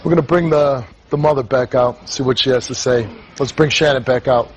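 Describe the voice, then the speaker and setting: A man's voice: medium pitch, steady tone, fairly quick, lo-fi sound, a crowd in the background, noisy background. A man hosting a talk show, confronting guests in a blunt, angry and accusing way.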